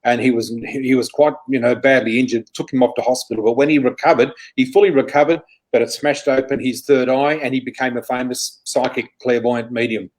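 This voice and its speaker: A man's voice: medium pitch, fairly even intonation, a little fast, darkish tone, low-quality recording. A middle-aged Australian man, a guest psychic, telling anecdotes in a chatty, self-correcting way. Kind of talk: anecdotal interview storytelling.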